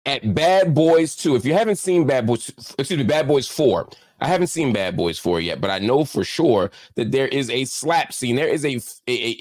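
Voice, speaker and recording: A man's voice: mid-range voice, a little mellow. A man hosting a political commentary show, talking with heated, preacher-like force and hammering phrases through repetition. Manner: heartfelt, slower, subdued. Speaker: host.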